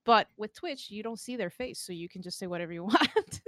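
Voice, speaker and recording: Young female streamer, giggly, rambling, fillers, mid pitch, dry. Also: expressive, a little fast, fairly bright tone, dry recording. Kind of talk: casual chat.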